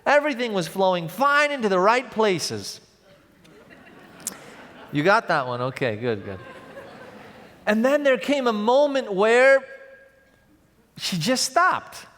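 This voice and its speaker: A man's voice: high voice, huge pitch swings, slow pace, long pauses. Man preaching in a reverberant church. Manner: storytelling, swings from loud to hushed. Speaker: pastor. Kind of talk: sermon. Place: large church. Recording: long church hall reverb.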